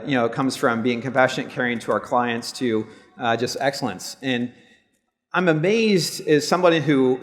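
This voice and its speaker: A man's voice: medium pitch, big-room sound. A man in his fifties on a live panel, speaking in an earnest, reflective and open way about personal matters. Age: 50s. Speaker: law firm owner, panelist. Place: large stadium event on stage.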